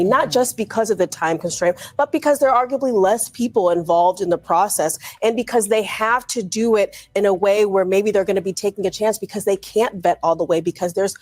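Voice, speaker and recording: A woman political reporter explaining the news in a fluent, measured way. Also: mid-range voice, a little mellow. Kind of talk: broadcast political analysis.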